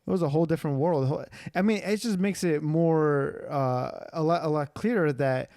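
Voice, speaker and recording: A man's voice: fairly high pitch, moderate pace, darkish tone, no room sound, studio quality. A young man, a stand-up comedian, chatting as a podcast guest in a laid-back way full of fillers. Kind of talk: casual comedic chat.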